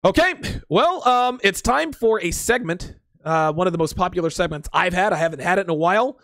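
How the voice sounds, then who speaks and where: A fairly high-voiced man hosts a livestream in a crude, profane, blunt manner. He reads viewer comments aloud and shoots back his reactions. His voice is dry and close, with no room sound. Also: expressive, fairly quick, a bit bright, no room sound. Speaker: podcast host. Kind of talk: casual livestream chat.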